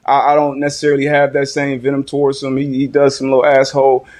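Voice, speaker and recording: A man's voice: mid-range voice, completely flat delivery, fast talker, a little mellow. A man in his thirties, a former football player, giving blunt and slangy takes as a guest on a sports talk show. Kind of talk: casual sports talk chat.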